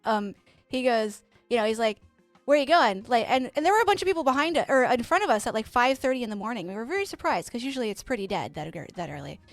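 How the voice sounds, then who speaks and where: High-voiced woman ranting profanely. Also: fast, dry recording, soft background music. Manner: profane, animated ranting with quoted exchanges. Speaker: streamer playing a game. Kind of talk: casual storytelling while gaming.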